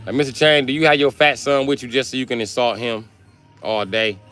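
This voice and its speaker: A male comedian telling a profane, animated comic story on a live stream. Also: medium pitch, fairly quick, soft background music.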